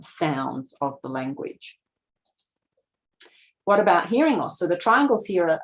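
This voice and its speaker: A woman's voice: deep voice, poor audio. A middle-aged woman presenting research at a conference, explaining points step by step. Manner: explanatory, slips into quoted voices of parents. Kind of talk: lecture presentation.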